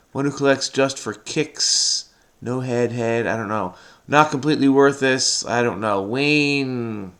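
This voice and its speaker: A man with a bit of brightness in his mid-range voice works through a crossword for his video, thinking aloud casually. He's frenetic, mutters to himself, and keeps breaking into bits of song.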